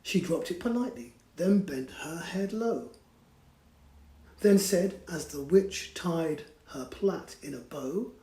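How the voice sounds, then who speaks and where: A lively man reads a bedtime story aloud to children in a slightly high, slow voice. He's animated, dropping to whispers and inviting the kids to join in, in a roomy, low-quality recording.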